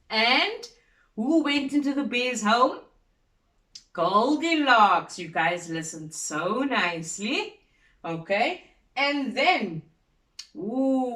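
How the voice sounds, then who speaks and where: Slow, animated woman teacher reading aloud. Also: on the high side. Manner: animated, slow and expressive, asks the class questions. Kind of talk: reading a story aloud to children. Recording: echoey room from far off.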